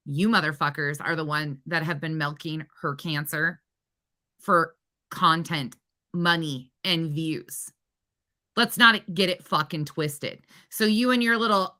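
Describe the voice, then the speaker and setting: Woman, livestream host, very bright sharp voice, profane confrontational rant, repeats for emphasis. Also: lowish voice. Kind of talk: heated commentary livestream.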